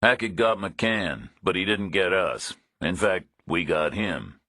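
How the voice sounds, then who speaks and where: A male audiobook narrator voicing a blunt, tough hero who talks in a flat, matter-of-fact way. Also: low-pitched, takes it slowly, dry recording, clean studio sound, full character voice. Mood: threatening. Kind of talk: audiobook character voice.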